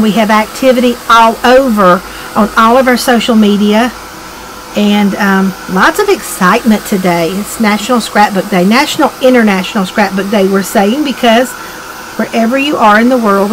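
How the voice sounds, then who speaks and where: A woman's voice: on the high side, background noise. Chatty Southern woman demonstrating crafts. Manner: chatty, rambling, with frequent ums and restarts. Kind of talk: casual craft tutorial.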